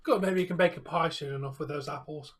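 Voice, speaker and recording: A man's voice: a little high, fast talker, fairly bright tone. A man co-hosting a casual live hockey reaction stream, dropping dry, joking quips. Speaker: co-host.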